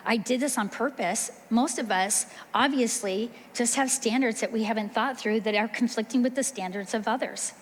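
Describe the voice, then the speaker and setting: A middle-aged woman giving an earnest, conversational teaching talk to mothers at a church. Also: fairly high pitch. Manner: earnest, conversational, acts out quoted voices. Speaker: women's ministry speaker. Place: church hall. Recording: long reverb from a large hall.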